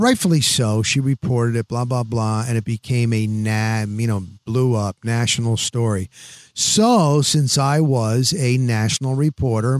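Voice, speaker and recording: A man in his sixties, a veteran sports reporter, telling stories on a podcast in an animated, rapid-fire way, full of "boom" and "blah, blah, blah". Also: dry recording, clean studio sound. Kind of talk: casual podcast storytelling.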